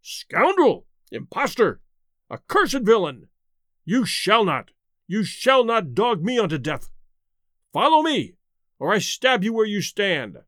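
A furious young gentleman in a storybook reading, shouting accusations in a husky, rage-filled voice that leaps high and wide, as a male reader acts him out. The voice sits dry and close. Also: very animated, slow, no echo, full character voice. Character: enraged young male gentleman confronting his double.

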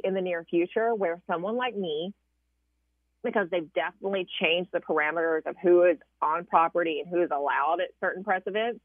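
A woman with a Southern US accent, a political correspondent calling in, explaining things in a measured way with some hesitations. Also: fairly low pitch, no room sound. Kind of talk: phone-in interview. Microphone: phone. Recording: tinny dry phone line.

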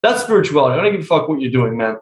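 A young man in casual podcast chat, blunt, profane and animated. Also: a little high, very fast, roomy sound, low-quality recording.

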